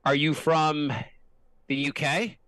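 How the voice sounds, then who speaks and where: A man's voice: on the high side, fairly even intonation, slow pace, a bit bright, dry recording. A man co-hosting a casual comedy podcast, rambling and hesitant with lots of ums. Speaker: co-host.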